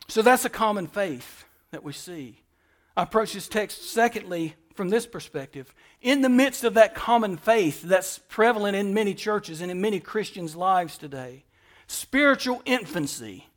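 In a church, a male pastor with a high voice preaches a sermon, repeating phrases for emphasis and shifting between soft and loud delivery.

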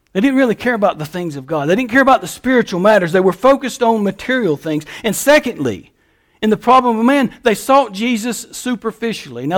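This is a sermon from a male pastor whose voice sits notably high for a man. He speaks with a lilt in a folksy way, leaning heavily into the points he stresses.

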